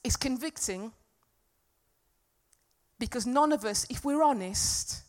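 A woman delivering a sermon in a church hall, with a voice sitting a little high. She talks earnestly, rising to loud emphatic peaks and then sinking back to a soft, confiding tone. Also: slow, pauses often. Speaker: preacher.

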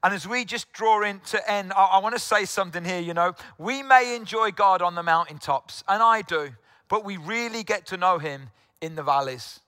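A middle-aged man from South Wales, a pastor, preaches earnestly to an online congregation, addressing listeners directly and repeating phrases for emphasis. His voice sits high and has a sharp, clean tone at a moderate pace, captured in a dry recording.

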